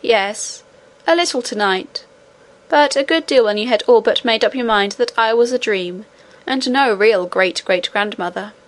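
A woman reading the part of an ancient, wise great-great-grandmother who speaks calmly and tenderly. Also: a little high, moderate pace, lightly acted. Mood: gentle. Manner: calm, tender, gently admonishing.

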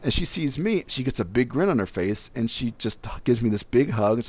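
A man's voice: mid-range voice, a little fast. A young man telling a casual story, acting out other people's lines as he goes. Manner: animated, acts out other people's voices.

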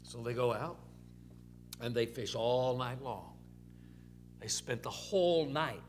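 A man's voice: mid-range voice, takes it slowly, faint music behind. A male pastor preaching a sermon in a folksy, repetitive storytelling way, dropping in "amen"s.

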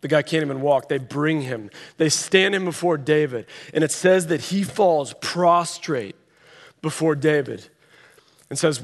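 A man's voice: on the high side, normal speed. A man preaching a sermon, telling a story with dramatic voiced quotes. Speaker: pastor. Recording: long reverb of a large hall.

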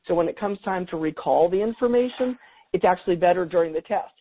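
A man's voice: sits high, quick pace, phone-quality sound. A middle-aged man talking as a guest expert in a podcast interview, chatty, with frequent restarts and easy laughs.

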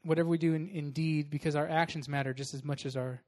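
A young man preaching a sermon with a slightly high voice. He talks casually and animatedly, telling stories and moving between loud bursts and quiet asides. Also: quick pace. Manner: casual, animated storytelling with laughs. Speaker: pastor.

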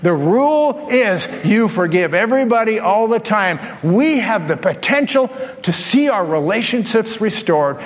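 A man preaching a sermon as pastor, telling a story with lively, acted-out asides to his congregation. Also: high-pitched. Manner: animated storytelling, acts out his own thoughts. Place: large church hall. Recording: long hall reverb.

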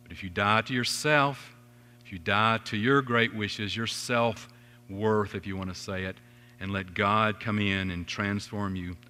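Bright-voiced preacher in a big hall. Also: male voice, fairly even intonation, a little slow. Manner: earnest preaching, rising on questions and dropping low on scripture. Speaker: pastor. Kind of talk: sermon. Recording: long reverb of a large hall.

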